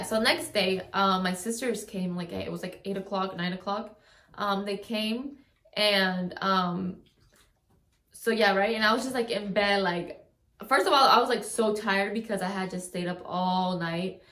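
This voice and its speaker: A young woman rambles through a storytime vlog at a middle pitch, full of "like" and half-finished sentences. Her voice bounces around a roomy, echoey space. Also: moderate pace, a bit bright, slight background noise. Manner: rambling, heavy use of "like", frequent restarts. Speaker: vlogger. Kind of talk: casual storytime. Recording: roomy echo.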